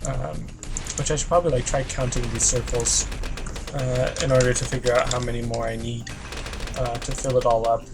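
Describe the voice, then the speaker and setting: A man's voice: medium pitch, little pitch movement, normal speed, noisy background. A man chatting through a video game as a let's play host, rambling and self-conscious, laughing easily. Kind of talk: casual gameplay commentary.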